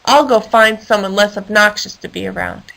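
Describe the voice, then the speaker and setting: A woman voicing a big, slow, lonely male hippo in a children's story, speaking slowly. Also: medium pitch, vocal fry, pushed and bright, low-quality recording. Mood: grumpy.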